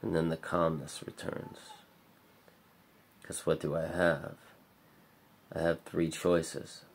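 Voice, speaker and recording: A man with a deep, gravelly voice rambles through a bleak confessional vlog. His tone is husky and rough at the edges, and he swears constantly and leans on filler words. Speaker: vlogger.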